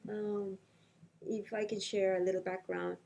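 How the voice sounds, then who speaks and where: A woman researcher speaking in a conversational interview, talking in animated quick bursts with frequent hesitations. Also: mid-range voice, creaky, muffled recording. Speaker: invited lecturer being interviewed. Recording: faint background noise.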